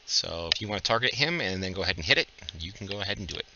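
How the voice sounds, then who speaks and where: A man running a livestreamed tabletop game as game master, casual and joking as he gives quick instructions over voice chat. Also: low-pitched, lively intonation, creaky, lo-fi sound, heavy background noise.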